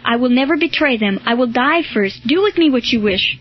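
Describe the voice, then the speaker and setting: A woman's voice: fairly high pitch, animated, brisk, lo-fi sound. Woman reading as a defiant young boy. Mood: resolute. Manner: earnest, resolute.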